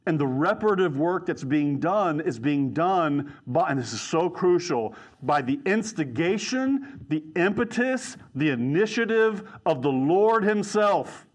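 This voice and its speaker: A man's voice: on the high side, animated, measured pace, few pauses. A middle-aged man preaching a sermon, teaching earnestly and emphatically and turning to the congregation with asides.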